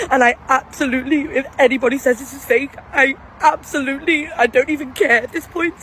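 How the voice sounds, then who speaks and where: A woman's voice: sits high, steady tone, brisk, hardly any pauses, a bit bright, slight background noise, poor audio. A woman filming herself on a phone outdoors at a graveside, crying and shaking as she tells viewers what just happened. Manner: breathless, tearful, talks straight to viewers. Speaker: vlogger. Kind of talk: emotional vlog to camera. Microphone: phone camera.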